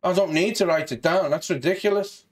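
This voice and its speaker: Scouse man, high-pitched, mouthy and sweary, mock hard man on a prank call. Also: brisk. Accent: Liverpool (Scouse). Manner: brash, sweary, mock-tough. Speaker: scambaiter.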